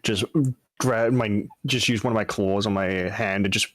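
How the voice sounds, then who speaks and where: A man's voice: lowish voice, fairly even intonation, moderate pace, fairly bright tone, no echo, studio quality. A man in a tabletop game talking in character, casual and curious, asking questions. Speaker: player. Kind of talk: in-character tabletop role-play.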